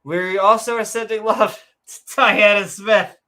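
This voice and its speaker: A woman's voice: medium pitch, fairly even intonation, unhurried, a bit bright. A woman co-hosting a casual podcast, reading out viewer comments in a rambling, joking way with lots of fillers and self-corrections. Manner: sarcastic, joking. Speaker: podcast co-host.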